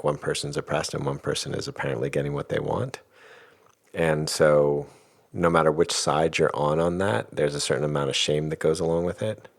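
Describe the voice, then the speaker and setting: A middle-aged man in a podcast conversation, explaining ideas in a thoughtful, rambling way with soft laughs. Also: rumbling low. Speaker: podcast host and guest expert.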